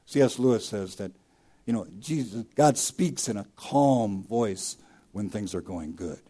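Male pastor, sermon delivery, low mellow tone, big dynamic swings, repeats for emphasis. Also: expressive, measured pace, husky. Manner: preaching with swings from loud emphasis to hushed drops; repeats key phrases for emphasis.

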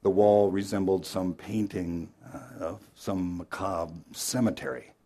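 A male pastor preaching an Easter sermon, telling a story dramatically and moving between loud emphasis and hushed, earnest appeals. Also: sits low, fairly even intonation, unhurried.

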